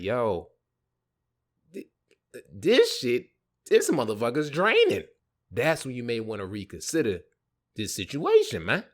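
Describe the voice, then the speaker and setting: A man hosting a podcast, telling casual stories from his childhood in slangy, profane talk and laughing at his own jokes. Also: mid-range voice. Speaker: podcast host. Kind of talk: casual storytelling monologue.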